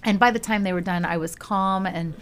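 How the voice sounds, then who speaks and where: A middle-aged woman telling a personal story in casual chat, animated and laughing often. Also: medium pitch, a little fast. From Houston, Texas.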